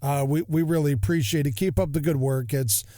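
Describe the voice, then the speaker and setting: A middle-aged man hosting a podcast, talking in a jokey, self-mocking, animated way. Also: a little high, fairly quick, no echo, studio quality. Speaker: podcast host. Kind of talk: casual comedic podcast monologue.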